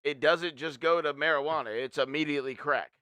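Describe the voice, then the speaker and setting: A man with a bright, crisp voice hosts a loose live stream, cracking crude jokes and steering the talk. The sound is dry and close to the mic. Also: a little high, fairly quick, dry recording. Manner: crude, joking, bossy about mic setup. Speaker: stream host. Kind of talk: casual stream chat. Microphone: headphones and shared microphone.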